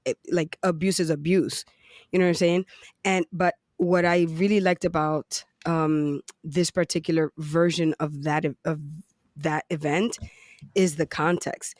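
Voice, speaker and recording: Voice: mid-range voice, no echo. Casting: earnest co-host, emphatic, dry close recording. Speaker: podcast co-host. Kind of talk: casual chat.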